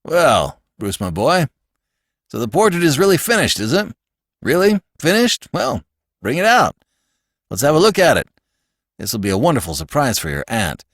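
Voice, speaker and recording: A red-faced, blustering older gentleman from a storybook reading, all hearty bluster and a lively, swooping voice, played by a male narrator. He talks loud and high, and the recording is close and dry with no room around it. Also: normal speed, pauses often, no echo. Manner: hearty and booming, then icy.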